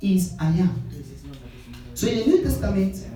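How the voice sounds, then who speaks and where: A high-pitched male preacher who shouts and pulls answers out of his crowd. He is heard from a distance in a big hall full of echo. Music plays underneath him. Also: unhurried, pauses often. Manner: energetic, shouting, call-and-response with the crowd. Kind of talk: sermon. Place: large conference hall. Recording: echoey hall from far off with music.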